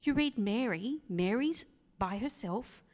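A woman's voice: a little high, slow pace. Woman preaching in a reverberant hall. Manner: animated storytelling, acting out voices, dropping to whispers. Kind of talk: sermon.

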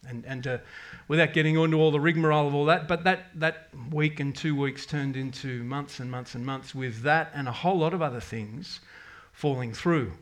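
A man's voice: a little high, moderate pace, hardly any pauses. A middle-aged man, giving a rambling, candid personal faith testimony to his congregation, full of restarts and quoted prayers. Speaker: parish member giving a testimony.

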